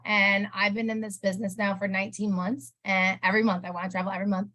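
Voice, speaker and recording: A woman's voice: mid-range voice, level tone, quick pace, pushed and bright. A woman telling her own story in an interview, casual and rambling, emotional and full of "like". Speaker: interview guest, sales promoter.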